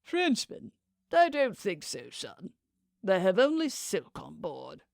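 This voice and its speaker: A gruff, corrupt port officer who orders his junior around and waves off his worries, as a woman narrator puts him on. He sounds bossy and dismissive. The audiobook recording is dry and close. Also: mid-range voice, huge pitch swings, slow pace, darkish tone, no echo, exaggerated voice.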